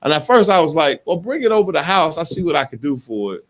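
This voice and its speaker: A man's voice: a little high, fast talker. A man from Ohio co-hosting a radio talk show, telling stories with swearing and acted-out quotes in a casual chat. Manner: animated storyteller, acts out quotes, swears freely.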